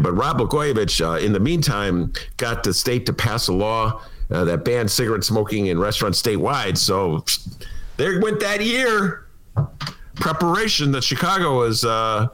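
A man's voice: mid-range voice, a bit bright. A man hosting a political talk show, giving opinionated commentary with sarcastic, jokey asides.

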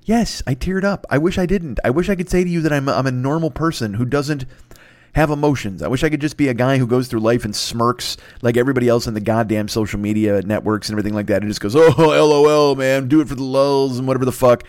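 A man of medium pitch rambles through a comic podcast monologue, swearing freely and poking fun at himself. He often stammers and restarts his sentences. His voice sounds dry and close, with no room echo. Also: fast talker, a little mellow. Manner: profane, self-mocking, stammering restarts. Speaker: podcast host.

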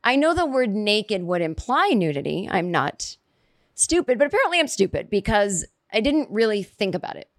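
A woman hosts a comedy podcast, spinning a rambling story and slipping into quick voiced asides. Her pitch sits in the middle of the range. The recording is dry and close, with no room sound. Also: sing-song, no echo. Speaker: podcast host. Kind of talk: comedic monologue.

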